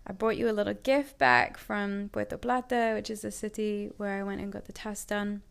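A woman's voice: mid-range voice, little pitch movement, a little fast, creaky, few pauses, smooth. A young woman telling a personal story to her viewers in a chatty, earnest way, full of "like" and "you know" fillers. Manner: warm and earnest about her feelings. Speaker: vlogger.

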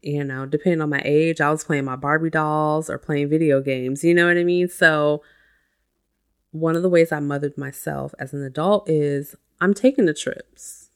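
A woman's voice: deep voice, fairly even intonation, normal speed. A woman and mother hosting a self-help podcast, talking casually and chatting with lots of "you know" and "like". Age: adult with a child. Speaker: podcast host.

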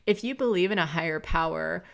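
Low, gravelly-voiced woman podcaster. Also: a little fast. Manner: conversational, full of fillers like "like" and "you know"; candid, confessional storytelling. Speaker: podcast host. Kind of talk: casual solo podcast monologue.

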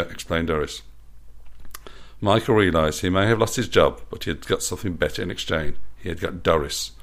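A man's voice: sits low, moderate pace. A man reading aloud his own playful story, with a self-amused manner.

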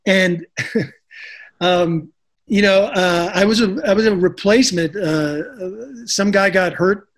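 Middle-aged man, high voice, chatty anecdotal guest, lots of restarts. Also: slow. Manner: chatty, many restarts and fillers. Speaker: actor, guest. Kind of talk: casual storytelling interview.

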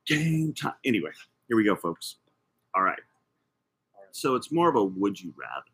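A man co-hosts a casual podcast, trading jokes and keeping the banter playful. His voice sits on the lower side for a man, relaxed and easygoing. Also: normal speed, husky, rough recording. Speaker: podcast co-host. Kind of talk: casual chat.

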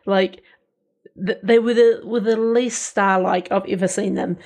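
A woman's voice: medium pitch, fairly even intonation, measured pace, a little mellow. A woman co-hosting a casual film review podcast, talking in a musing way with many "like" fillers.

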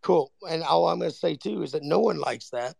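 A man presses his point in a heated voice-chat argument, repeating himself and cutting in constantly. His voice is slightly high for a man but deeply gravelly, full of fry, and the sound is dry. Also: lively intonation, a little fast, a little mellow, no room sound. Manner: insistent, repeats words, talks over others.

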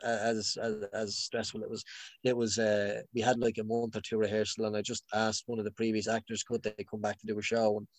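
Speaking fairly quickly in a lowish, monotone voice, a young man chats casually in a dry recording. He rambles, often restarting and using fillers, and he laughs often.

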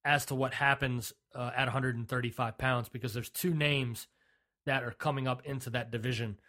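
A man in the middle of a casual podcast chat, talking at an ordinary pitch for a man. He is blunt and opinionated, stumbles and restarts mid-thought, and states his views flatly. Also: normal speed. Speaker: podcast co-host.

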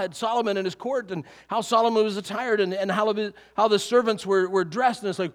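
A middle-aged man preaching a sermon to a congregation, lively and animated, often chuckling. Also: high voice, fairly quick, hardly any pauses. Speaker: pastor.

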